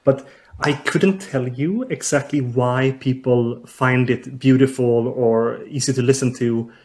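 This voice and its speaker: Male researcher, guest, halting, lots of uh's, mid-pitched voice. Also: fairly even intonation, darkish tone. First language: Swedish. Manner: hesitant, many uh fillers and restarts. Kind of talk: explaining in an interview.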